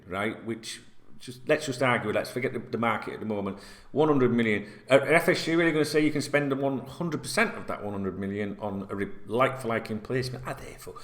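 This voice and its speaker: A man ranting about football as a fan vlogger, animated, sarcastic and swearing freely. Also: mid-range voice. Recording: roomy echo.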